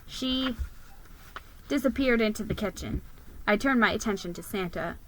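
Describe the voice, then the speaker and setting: A woman reading a children's book aloud in an animated, expressive way. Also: mid-range voice, a little fast, a little hiss or hum, rough recording. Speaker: reader.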